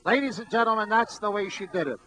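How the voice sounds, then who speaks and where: A man's voice: sits high, fast, fairly bright tone. An older man acting as master of ceremonies, telling a story in a theatrical storyteller's delivery on a stage before a live audience.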